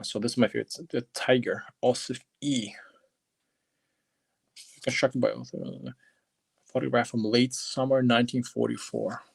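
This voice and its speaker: A man's voice: medium pitch, creaky, husky. A man casually flipping through a book on a livestream, rambling and chatting with his viewers.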